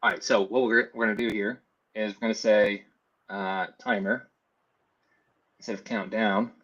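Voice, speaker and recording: Talking to himself while he builds, a man gives a casual FlutterFlow screen-share lesson and thinks out loud. He speaks at a normal speed in a fairly low, flat voice that's a bit bright, and the sound is lo-fi.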